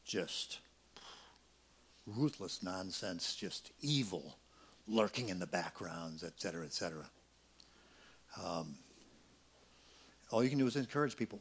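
A middle-aged pastor preaching a sermon, swinging between loud emphatic peaks and quiet, quick asides. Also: male voice, deep voice.

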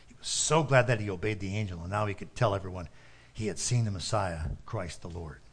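A man narrating a story with a steady, earnest reading manner. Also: deep voice, a little fast.

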